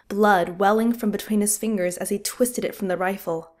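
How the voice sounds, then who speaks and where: A woman narrating a fantasy war audiobook in an expressive, vivid storytelling style. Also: medium pitch, normal speed, few pauses.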